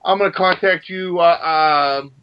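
A man co-hosting a podcast, telling a story in an excitable, rambling way. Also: high-pitched, measured pace, a little hiss or hum. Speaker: podcast co-host. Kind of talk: casual podcast chat. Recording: dull lo-fi sound.

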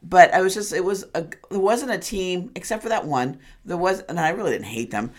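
A woman's voice: on the low side, expressive, fairly quick. A woman in her sixties co-hosting a podcast, chatting casually in a rambling way and laughing often. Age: 60s. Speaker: podcast co-host. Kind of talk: casual chat.

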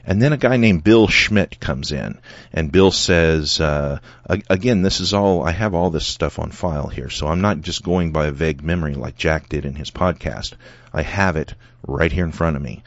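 A man's voice: a bass voice, normal speed, dry recording. A man hosting a solo podcast, retelling an online argument and reading comments aloud with many fillers. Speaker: podcast host. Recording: dull lo-fi dry sound.

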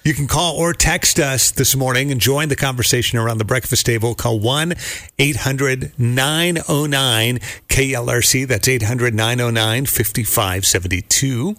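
A man co-hosts a morning radio show in an easygoing, chatty way. His voice sits at a middle pitch, and he reads news items as if just talking. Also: normal speed, fairly bright tone. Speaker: radio host.

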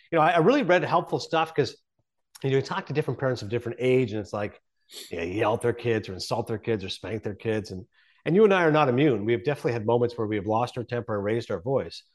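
A man's voice: mid-range voice, animated, fast talker. A man in his forties speaking as an interview guest, earnest and reflective, often restarting his sentences. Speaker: guest, sports broadcaster. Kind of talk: conversational interview.

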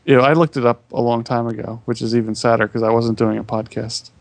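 A man co-hosting a podcast, chatting casually in an earnest way with halting restarts. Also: mid-range voice, level tone, vocal fry, dry recording. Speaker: podcast co-host. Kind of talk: casual chat.

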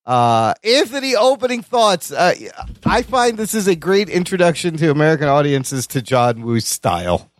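A man's voice: fairly high pitch, sing-song, moderate pace, dry recording, studio quality. A man co-hosting a casual movie review podcast, chiming in with enthusiastic interjections. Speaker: podcast co-host.

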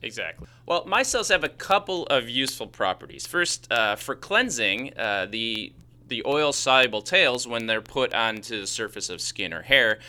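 A man's voice: mid-range voice, expressive, normal speed, pushed and bright. A man with a Chicago accent, co-hosting a podcast and explaining cosmetic chemistry in a casual, easygoing way. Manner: explanatory, laughs easily. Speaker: podcast co-host. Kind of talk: casual science chat.

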